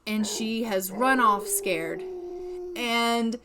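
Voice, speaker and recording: A woman's voice: on the high side, drawn-out words, crowd noise. Chatty woman narrating a game story. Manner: chatty, many fillers like "like" and "you know". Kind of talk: casual story narration over gameplay.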